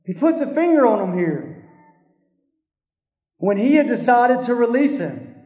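A man preaches a sermon in a very high, mellow voice. He is earnest and confronting, pressing his listeners with question after question. The sound carries a long echo from a large church hall. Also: big pitch swings, measured pace, dull audio. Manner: earnest, confronting, asks repeated rhetorical questions. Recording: echoey hall.

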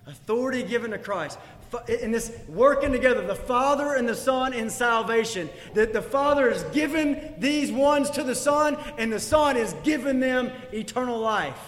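A man's voice: very high-pitched, lively intonation, moderate pace, a bit bright. A man preaching a sermon as pastor, building intensity and asking rhetorical questions. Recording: echoey hall.

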